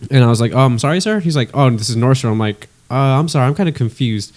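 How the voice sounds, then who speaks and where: A young man co-hosting a podcast, telling an excited story in casual chat and swearing a lot. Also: mid-range voice, quick pace. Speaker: podcast co-host.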